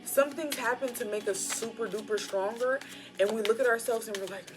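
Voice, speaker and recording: A woman's voice: mid-range voice, normal speed. A woman giving a casual, slangy spiritual pep talk while reading tarot cards. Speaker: tarot reader. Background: background music.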